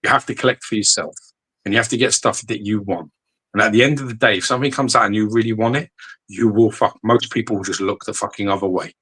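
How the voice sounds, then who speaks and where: A man talking bluntly on a podcast, swearing freely and telling stories with animated, mimicking asides. His low voice has a husky edge. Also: fast. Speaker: podcast co-host. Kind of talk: casual chat. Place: podcast studio.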